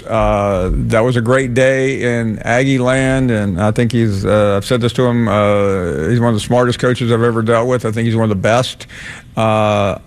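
Measured male sports radio host. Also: mid-range voice. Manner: measured, thoughtful, with hesitant fillers.

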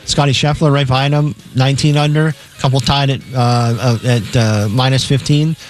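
Male co-host, mid-pitched, matter-of-fact line reader. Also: steady tone. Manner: matter-of-fact, with filler pauses. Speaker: radio co-host reading betting lines. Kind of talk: reading game lines on sports radio.

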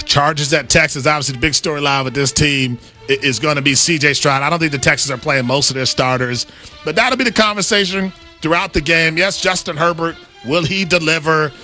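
A man, a sports analyst, giving hyped-up previews of football games with an animated, salesman-style delivery. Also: on the high side, brisk, faint music behind. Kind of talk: hyped-up game preview pitch.

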